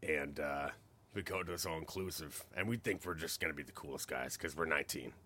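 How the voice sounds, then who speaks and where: A man chatting casually on a podcast, telling a story with animated delivery, swearing freely and laughing as he goes. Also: a bass voice, fairly quick, a little hiss or hum.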